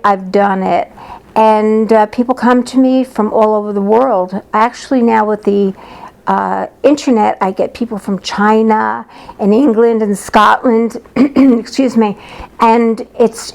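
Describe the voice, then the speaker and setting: Woman psychic, casual storytelling, lighthearted and blunt, raised pitch, gravelly edge. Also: darkish tone. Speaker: psychic reader.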